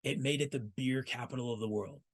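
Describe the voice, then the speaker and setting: A man's voice: mid-range voice, steady tone, brisk. A man hosting a trade news segment, telling history in a storytelling way and speaking straight to the listener. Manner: storytelling, addresses listener directly. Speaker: host.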